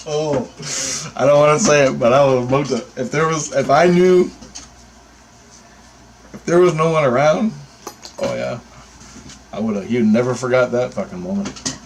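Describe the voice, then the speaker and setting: A man's voice: mid-range voice, moderate pace, long pauses, a little hiss or hum, poor audio. Profane, heated man ranting. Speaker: bird photographer. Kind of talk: angry ranting anecdote.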